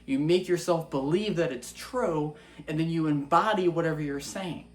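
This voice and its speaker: A young Christian vlogger with a somewhat high voice speaks at normal speed. His casual, earnest faith-based monologue is packed with rhetorical questions.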